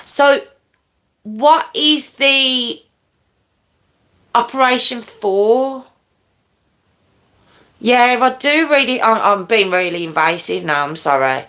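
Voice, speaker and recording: A woman's voice: fairly high pitch, expressive, slow pace, pauses often, a bit bright. A woman hosting a casual livestream, chatting with viewers and apologising often, sometimes dropping to a whisper. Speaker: livestream host. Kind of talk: casual live chat with viewers.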